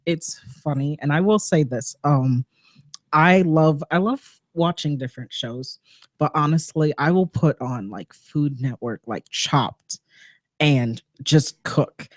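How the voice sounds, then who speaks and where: A woman's voice: low voice, slow, no room sound, clean studio sound. A woman guest on a community radio talk show, speaking frankly and earnestly about her work and self-care, laughing along with the host. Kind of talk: casual interview chat. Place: radio studio.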